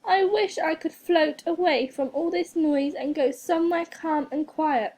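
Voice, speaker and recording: A woman voicing an excitable, fretful witch in a children's storybook reading. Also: sits high, measured pace, pitched above the performer's own voice. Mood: dreamy. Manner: exclaiming, fretful.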